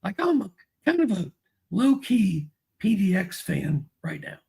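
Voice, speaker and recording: Man, co-host, gravelly voice, very husky, laid-back chat. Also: high voice, a little slow. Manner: relaxed, casual, hesitant with fillers. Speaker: co-host and fantasy analyst. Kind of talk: casual chat.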